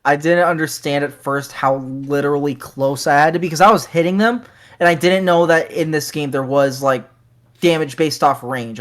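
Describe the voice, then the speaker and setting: Casual male co-host, slightly high voice, chatty. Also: fairly bright tone. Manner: chatty, self-deprecating asides. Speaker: podcast co-host. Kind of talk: casual game review chat.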